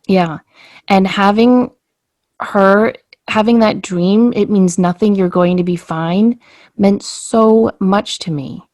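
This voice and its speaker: Speaking slowly at a medium pitch, a woman shares a personal story on a casual podcast and performs each line of dialogue with animated flair. There's no room sound, and the audio is studio quality.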